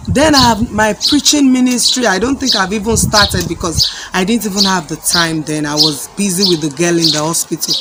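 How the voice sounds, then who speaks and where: Fervent woman preaching over loud noise. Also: mid-range voice, normal speed. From Nigeria. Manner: fervent, repeats phrases. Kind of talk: testimony and prayer. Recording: loud background noise with birdsong.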